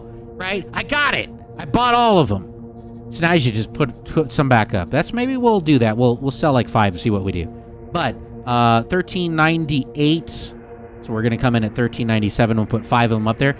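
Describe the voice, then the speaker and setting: A man streaming a game live, talking straight to his viewers in a loose, chatty way. His pitch swings widely as he gets worked up, and he swears casually. Faint music plays underneath. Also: very animated, moderate pace. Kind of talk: live gameplay commentary to chat.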